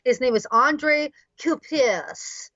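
A woman with a bright, slightly high voice co-hosts a casual podcast, telling stories with giggles and lots of fillers. The recording is dry and close but a little dull and lo-fi. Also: lively intonation, slow pace, no room sound. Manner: giggly storyteller, chatty with filler words. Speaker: podcast co-host. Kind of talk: casual chat.

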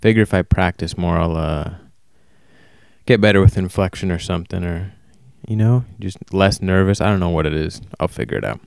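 A man talking alone in a casual, rambling monologue, flat and self-described as monotone, often stopping to correct himself. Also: sits low, moderate pace, vocal fry, clean tone, no room sound, clean studio sound. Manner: casual, swears. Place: warm indoor room.

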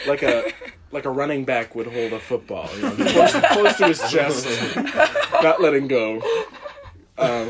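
A man's voice: mid-range voice, heavy background noise. A young man casually telling a rambling, self-deprecating story on a podcast, often laughing. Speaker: guest.

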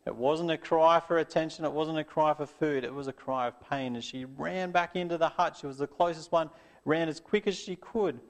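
Man, children's story reader, fairly high voice, gentle, closing prayer. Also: normal speed.

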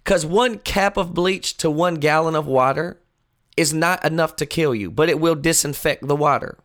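A man with a high, lively voice delivers a political monologue on his talk show. He mocks and teases, jumping to loud outbursts and then dropping into low, earnest tones. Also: moderate pace.

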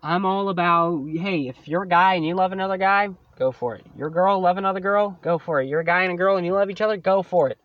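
A man's voice: high voice, quick pace, few pauses, lo-fi sound. A man hosting his own podcast, venting about a coworker in a profane, sarcastic solo rant. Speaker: podcast host.

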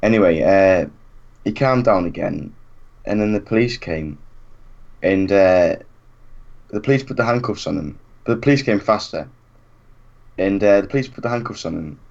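Young man, low voice, lively storyteller who acts out the quotes; dull lo-fi recording. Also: normal speed, vocal fry, pauses often. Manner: animated anecdote, acts out quotes, laughs often. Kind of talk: casual chat.

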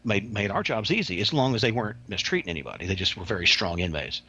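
A former prison officer spins rambling, folksy stories, stumbling over restarts and dropping slang as he goes. His voice sits low and has a husky edge. The recording sounds muffled and lo-fi. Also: animated, quick pace, pushed and bright. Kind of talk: casual podcast storytelling.

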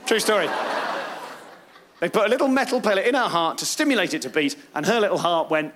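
A British man doing a live stand-up set on a club stage, self-mocking and lively, acting out voices as he talks. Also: high-pitched, brisk, pauses often, noisy background. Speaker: stand-up comedian.

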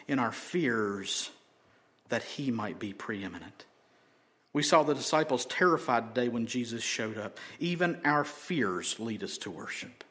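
A male pastor preaching a sermon and closing in prayer, rising loud on key phrases and dropping to a whisper. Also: mid-range voice.

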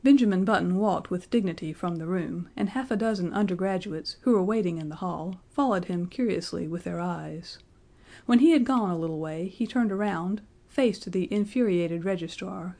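A woman reads a classic story aloud in a measured, expressive way. Her voice sits on the low side and sounds mellow. The delivery is steady and clear. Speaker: narrator. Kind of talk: audiobook narration.

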